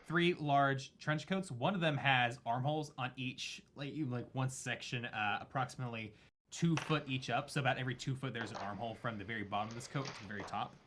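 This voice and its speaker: A man narrating a tabletop horror game as game master, halting and full of fillers and self-corrections. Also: medium pitch, fairly bright tone, a little hiss or hum.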